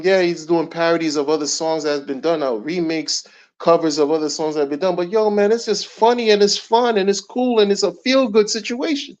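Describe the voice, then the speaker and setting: A man's voice: a little high, a little mellow. A middle-aged man ranting in casual commentary, emphatic and slangy, repeating his points. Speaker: commentary channel host. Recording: dull lo-fi recording.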